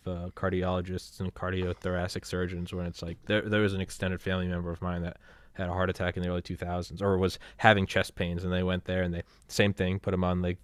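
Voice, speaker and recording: Man, young adult, low voice, dry close sound, rambling anecdotes, casual chat. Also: no room sound. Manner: rambling anecdotes, acts out calm doctors in a raised voice, many fillers.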